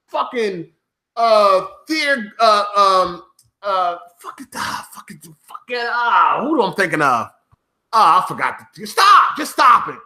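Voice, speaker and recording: Gaming YouTuber, male, high tense voice, mocking rant, roomy echo. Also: sing-song, unhurried, pushed and bright. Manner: profane, mocking, keeps breaking into laughter. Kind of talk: ranting commentary to viewers.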